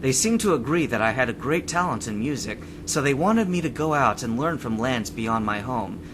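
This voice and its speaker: A man's voice: mid-range voice, expressive, noisy background, natural voice. A man doing a courteous winged young man. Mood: calm. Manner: courteous, measured.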